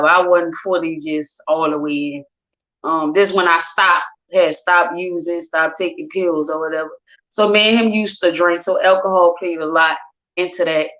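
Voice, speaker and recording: A woman's voice: mid-range voice, fairly bright tone. A woman telling her own story in a candid, casual way, acting out quoted voices. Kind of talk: personal storytelling. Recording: dull lo-fi sound.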